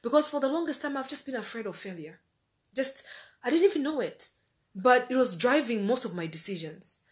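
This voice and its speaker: A woman's voice: on the high side, expressive, brisk. A woman giving an earnest, conversational motivational talk rooted in faith, repeating phrases for emphasis. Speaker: life-planning speaker.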